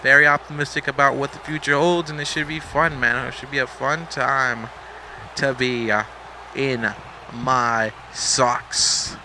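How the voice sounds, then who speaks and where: A man's voice: mid-range voice, flat delivery, moderate pace, bright, forceful tone, a little hiss or hum. A young man casually commentating a wrestling video game, rambling, joking and swearing, a bit sleepy. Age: young adult. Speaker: gameplay commentator.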